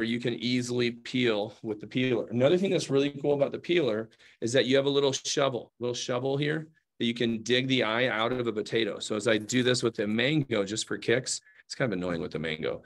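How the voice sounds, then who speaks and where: Chatty man demoing knife skills. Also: medium pitch. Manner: chatty, checks in with "right?" and "okay?" often; playful asides while demonstrating. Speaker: knife demonstrator. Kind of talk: hands-on cooking demonstration.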